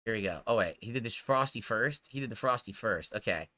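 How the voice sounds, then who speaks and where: A man's voice: on the low side, lively intonation, brisk, sharp tone. A man live-streaming a reaction, laughing and mocking his critics with plenty of profanity.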